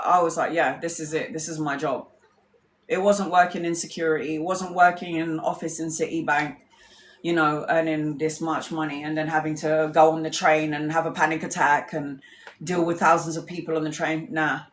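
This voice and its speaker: A woman's voice: sits low, fairly bright tone. Woman tarot reader rambling on a live, blunt, swears a lot, echoey room. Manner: blunt, chatty, swears freely, acts out friends' lines. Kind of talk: casual livestream storytelling.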